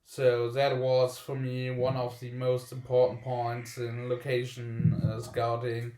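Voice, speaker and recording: A man's voice: mid-range voice, completely flat delivery, slow pace, warm tone. A man chatting on a video call, often repeating words and restarting sentences. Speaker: call participant. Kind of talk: casual video call chat. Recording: roomy video call audio.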